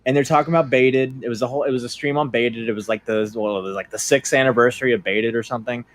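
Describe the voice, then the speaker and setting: A man's voice: mid-range voice, steady tone, quick pace, no room sound. A man on a casual podcast chat, telling a story and laughing often. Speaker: podcast guest.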